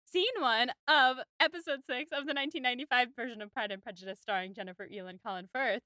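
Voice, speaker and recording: A woman's voice: fairly high pitch, quick pace, sharp tone, dry recording. A woman in her twenties co-hosting a casual podcast, laying out each scene and steering the talk. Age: 20s. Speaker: podcast co-host.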